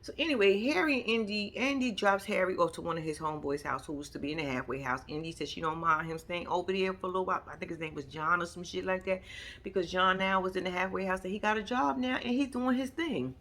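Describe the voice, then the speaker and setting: A woman's voice: lowish voice, quick pace, a bit bright. A woman giving a casual commentary recap of a reality TV episode, blunt and profane, acting out the people she quotes.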